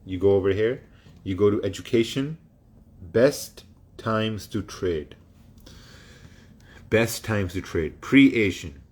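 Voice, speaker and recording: A man with a somewhat low-pitched voice hosts a trading livestream, working through his chat in casual Q&A. He answers bluntly, swears freely, and laughs between replies.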